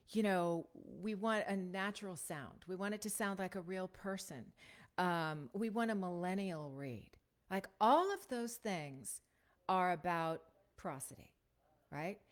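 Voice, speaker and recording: Chatty, low-voiced woman coaching voiceover. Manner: chatty and rambling, often checks in with "right?". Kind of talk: casual livestream teaching chat. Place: home recording setup at a computer. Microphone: shotgun studio microphone.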